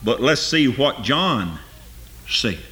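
A man preaching a sermon. He reads scripture and climbs to high, emphatic peaks, then drops low and quiet for his asides. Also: big pitch swings, slow pace.

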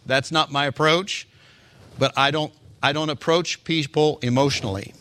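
A man's voice: fairly high pitch, moderate pace, pushed and bright. A male pastor preaching a sermon in a conversational way, with speech and rhetorical asides to the congregation.

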